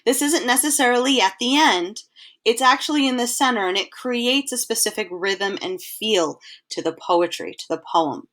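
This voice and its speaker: A woman teacher giving a recorded slideshow lesson, explaining each point patiently and reading verse aloud slowly. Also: a little high, animated, fairly bright tone. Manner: clear, patient explaining, reads poem lines aloud in a slow measured way.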